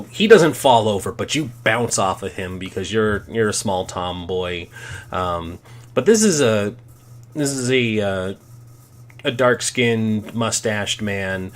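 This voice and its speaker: A man's voice: lowish voice, lively intonation. A man running a tabletop game as game master, narrating with many ums and restarts. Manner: halting, full of ums and restarts.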